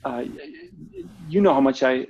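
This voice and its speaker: A man's voice: mid-range voice, unhurried, darkish tone. Rambling giggly man, lo-fi sound. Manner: rambling, restarts, giggly storytelling. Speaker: bandleader and podcast co-host. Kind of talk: casual chat. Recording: dull lo-fi sound.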